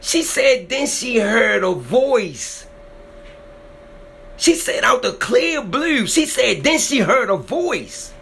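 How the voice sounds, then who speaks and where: A man takes it slowly in a very high, very animated voice with vocal fry and a slightly bright tone, over a little hiss or hum. Retelling someone's scary encounter, he is dramatic and repetitive, and his voice swells in emotional moments.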